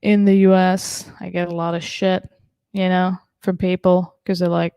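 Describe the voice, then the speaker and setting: A German woman does a stand-up set over a video call, chatty and self-deprecating and full of fillers. Her lowish, level, mellow voice has gravelly fry at the edges and moves at a normal speed. The sound is dry and close, with no room sound.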